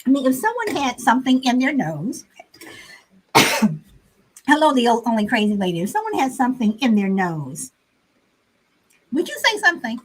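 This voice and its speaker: Woman, fairly high voice, live-stream host, casual chat, lots of fillers, reads viewer comments. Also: big pitch swings, normal speed, pauses often, a little hiss or hum, low-quality recording.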